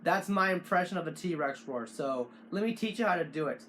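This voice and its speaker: A man hosting a casual how-to video, talking in halting bursts with frequent restarts and fillers. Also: on the high side, animated, fairly bright tone, slight background noise. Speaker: tutorial host.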